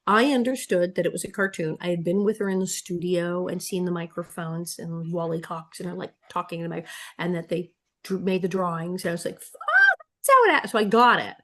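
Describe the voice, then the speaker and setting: Woman in her 60s, podcast guest, lively storyteller with frequent laughs. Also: fairly low pitch, a little fast. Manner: animated storyteller, laughing often. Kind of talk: casual interview storytelling.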